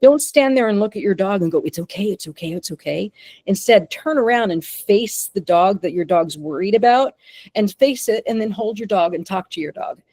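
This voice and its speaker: A woman dog trainer teaching a webinar in an animated way. She often checks in with "okay?" and "right?". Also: medium pitch, normal speed, dry recording. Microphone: remote call microphone.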